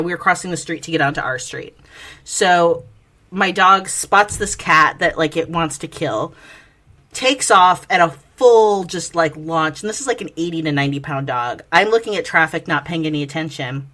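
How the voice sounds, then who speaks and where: A woman's voice: fairly low pitch, moderate pace, pushed and bright. A woman co-hosting a podcast, telling a story in casual chat with frequent laughter and swearing. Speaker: podcast co-host.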